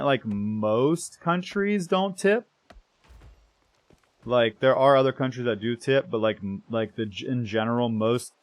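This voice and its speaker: A young American man chatting casually with viewers while streaming a game, rambling and correcting himself as he goes. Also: mid-range voice. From United States. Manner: rambling, self-correcting, trails off softly.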